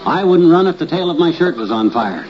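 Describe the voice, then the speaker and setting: An actor playing a jittery, blustering husband, in 1950s radio comedy style. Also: male voice, a little high, big pitch swings, a little fast. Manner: blustering, nervous, exclaims. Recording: muffled old radio broadcast with hiss.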